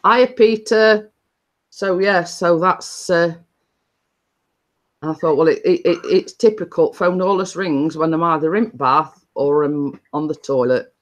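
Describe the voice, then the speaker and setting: A woman's voice: sits low, steady tone, measured pace. A Northern English woman hosting a casual home live stream, chatting in long, rambling stories full of dialect phrasing.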